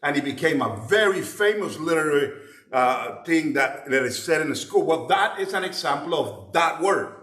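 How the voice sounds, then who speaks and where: A man's voice: a little high, lively intonation, normal speed, a bit bright. A man giving a Bible teaching class, explaining in a patient way and often repeating words while he searches for the next one. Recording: roomy echo.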